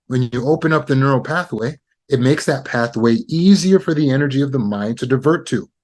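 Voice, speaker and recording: A man's voice: mid-range voice, animated, a little fast, a little mellow. A man giving a self-help lesson on overcoming insecurity. He walks the listener through the steps one at a time and repeats his key points. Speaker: trauma recovery teacher. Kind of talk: self-help teaching talk.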